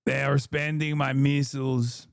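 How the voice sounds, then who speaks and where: A man's voice: medium pitch, flat delivery, a little slow, creaky, clear, resonant tone, dry recording, clean studio sound. A man in his thirties giving casual live-stream commentary on the news, ranting in a heated, sarcastic and profane way.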